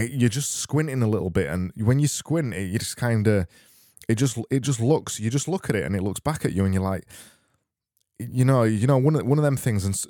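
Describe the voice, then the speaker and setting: A man hosting a casual solo podcast, reading out listener messages with deadpan, rambling sarcasm. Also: lowish voice, no echo, clean studio sound. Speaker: podcast host.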